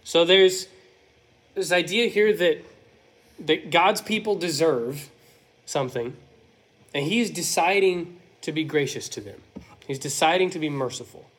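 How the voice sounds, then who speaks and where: Slow-paced man teaching a Bible passage. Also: on the high side. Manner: unhurried, reads scripture aloud then explains; self-correcting slips while reading. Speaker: preacher.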